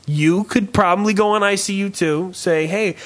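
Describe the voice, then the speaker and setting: A man hosting a podcast in casual chat, rambling and swearing freely while riffing with dark humor. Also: high voice, moderate pace. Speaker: podcast host.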